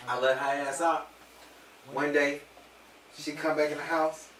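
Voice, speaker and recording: Man in a group chat, slightly high, distant roomy sound. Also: little pitch movement, unhurried, a bit bright, slight background noise. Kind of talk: casual chat. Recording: roomy echo from far off.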